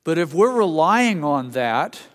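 A man's voice: on the high side, sing-song, a little slow. Folksy preaching man in a reverberant hall. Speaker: pastor. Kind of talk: sermon.

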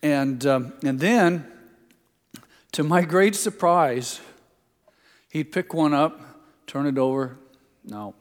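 A man's voice: fairly high pitch, slow, pauses often. An older man gives a sermon in a folksy, teasing storyteller's manner, speaking to a gathered congregation. His voice carries a long reverb tail from the large hall around him. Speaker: pastor. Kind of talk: sermon with folksy family stories.

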